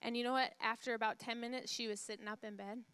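A woman preaches a sermon as pastor, her voice bright and a touch high. She is emphatic, repeating key phrases and putting questions to the congregation, and she softens to a hush when she retells a story. The recording is close and dry. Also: steady tone, fast, clean tone, no room sound.

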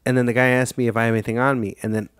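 A man's voice: mid-range voice, little pitch movement, rapid-fire, clear, resonant tone, no echo, studio quality. A young man hosting a podcast, telling a rambling, profane story in casual chat and quoting himself and others along the way. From Illinois, United States. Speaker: podcast host.

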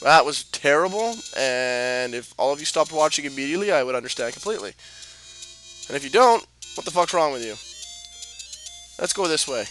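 A man giving profane, excitable, self-mocking commentary while playing through a video game. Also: on the high side, fairly quick, faint music behind. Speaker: let's play host. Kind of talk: let's play commentary.

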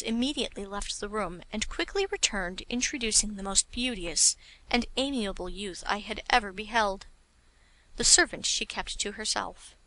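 A woman narrating a classic story as an audiobook, in a measured, clear reading. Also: medium pitch, sharp tone.

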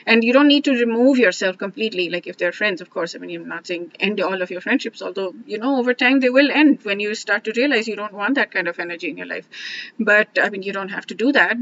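Woman, casual reflective monologue, hesitant restarts, slightly dull recording, faint hiss. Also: mid-range voice. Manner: thoughtful, many restarts and asides, trails off softly. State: briefly emotional, near tears. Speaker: self-help vlogger.

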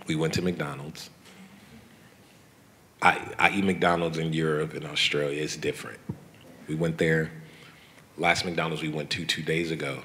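A man in his thirties talking excitedly on stage at a live event, telling animated stories full of slang and laughter. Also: rumbling low, slight background noise. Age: 30s. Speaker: guest artist. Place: event venue before a live audience.

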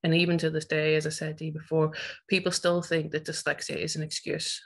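A woman with a strong Northern Irish accent tells her story with passion and emphasis. Her voice sits low. She sounds like a teacher in her forties speaking to an audience. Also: flat delivery, fairly quick, vocal fry. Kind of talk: personal presentation talk.

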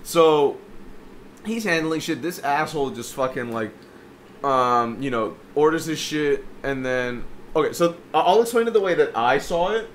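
A man's voice: on the high side, animated, moderate pace, slight background noise. A young man co-hosting a podcast, telling a profane story in casual chat and acting out the people in it. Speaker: podcast co-host.

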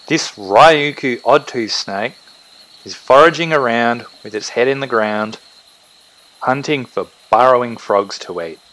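Australian man, wildlife vlog host, casual field narration, middle pitch, night creek, insect chorus behind. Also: a little slow, slight background noise, poor audio. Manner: chatty, talks to animals calling them mate. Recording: outdoor recording with loud insects. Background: crickets and insects.

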